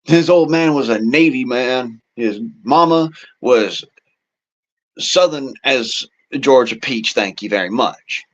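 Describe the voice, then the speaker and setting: A man's voice: medium pitch, animated, takes it slowly, highs cut off. A man hosting a casual political monologue, talking in a rambling, profane way with folksy turns of phrase. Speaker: show host.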